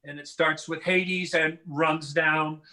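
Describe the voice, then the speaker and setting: A middle-aged man from Washington State doing a stand-up routine, animated and slipping into drawls and mimicked voices. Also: fairly high pitch, takes it slowly, low-quality recording. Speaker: stand-up comedian.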